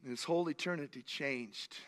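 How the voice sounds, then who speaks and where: In a church sanctuary with the echo of a large hall, a male pastor preaches a sermon in a slightly high, slightly quick voice with a fairly bright tone. He tells a personal story with earnest intensity, then builds to fervent appeals to his congregation.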